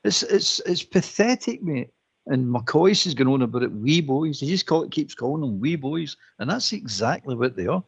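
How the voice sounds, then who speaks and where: A man's voice: medium pitch, moderate pace, slightly rough, highs cut off. A Scottish man ranting as a caller on a football phone-in, acting out what players say. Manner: animated, ranting, acts out quotes.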